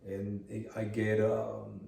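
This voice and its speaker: A man co-hosting a podcast interview, talking in a halting way with many fillers and restarts. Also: on the low side, completely flat delivery, vocal fry, mellow. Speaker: podcast co-host. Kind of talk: emotional interview talk. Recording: roomy sound, distant mic.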